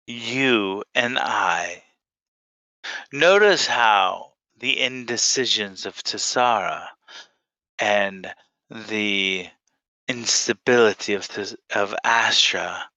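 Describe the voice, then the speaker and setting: A man voicing a cold, faceless female Sith who worships power, speaking in slow, flat, commanding pronouncements. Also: on the low side, no room sound, exaggerated voice, poor audio. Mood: menacing.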